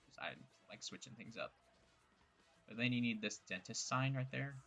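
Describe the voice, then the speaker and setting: Gravelly and bright-toned, a young gameplay streamer rambles through casual play with jokes and jabs at himself. His voice sits fairly low with a crisp edge, and his pace is normal. Faint game music plays underneath.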